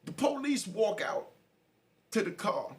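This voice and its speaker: A middle-aged man, a podcast host telling a street story in an animated, slangy way. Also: sits high, unhurried. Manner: animated, slangy, frequent "you know".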